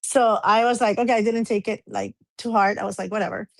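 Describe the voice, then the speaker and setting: A woman's voice: a little high, fairly even intonation, brisk, dry recording. Woman, 40s, talk-show guest, chatty rambling storyteller, dry close sound. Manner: rambling personal storytelling with many fillers. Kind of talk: casual chat.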